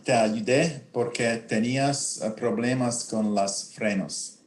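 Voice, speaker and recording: A man's voice: medium pitch, a little slow. A man student in an online class, reading a sentence aloud with hesitation. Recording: echoey room.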